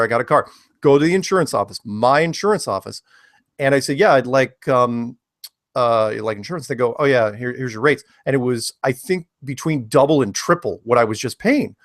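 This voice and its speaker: A man's voice: mid-range voice, no echo, studio quality. A man chatting casually as a guest, telling a long, rambling story and often repeating his words. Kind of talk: casual chat.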